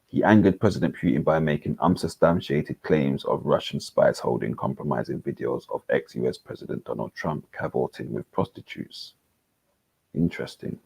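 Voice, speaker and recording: A man's voice: extremely low pitch, gravelly, warm tone, slightly rough, no room sound. A man reading a news article aloud on a panel chat, stumbling over names and making jokey asides. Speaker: panel host.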